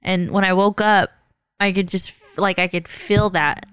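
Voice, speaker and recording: A woman's voice: mid-range voice, fairly even intonation, unhurried, a bit bright, clean tone, no room sound, studio quality. A young woman in casual chat, telling stories animatedly, laughing often and swearing freely.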